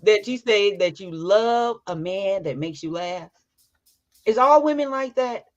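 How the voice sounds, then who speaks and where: A young woman in her twenties talks through relationship advice in an animated, chatty way, laughing easily between points. Her voice sits in a middle register. The recording is a little dull and lo-fi. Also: mid-range voice, unhurried. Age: 20s. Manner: animated, laughs often, acts out bits of dialogue. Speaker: podcast co-host. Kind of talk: casual relationship chat.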